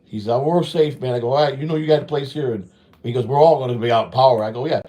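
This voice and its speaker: A man's voice: mid-range voice, fast, mellow. A man hosting his own vlog, talking in a rambling, profane monologue at home during a hurricane. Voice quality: profane, repetitive, says "man" often. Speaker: vlog host.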